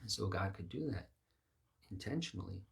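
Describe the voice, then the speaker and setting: A man gives an informal sermon in a lowish voice. He speaks earnestly and conversationally, working through his thoughts aloud as he teaches. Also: lively intonation, normal speed, vocal fry. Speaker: preacher.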